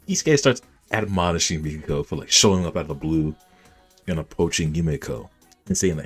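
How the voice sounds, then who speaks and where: A man casually recapping an anime episode, animated and reacting as he retells the scenes. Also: low-pitched, a little slow, faint music behind. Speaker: anime reviewer.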